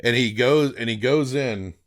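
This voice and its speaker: A man's voice: medium pitch, unhurried. A man co-hosting a film podcast, recapping a movie in casual chat, rambling with frequent restarts and casual swearing.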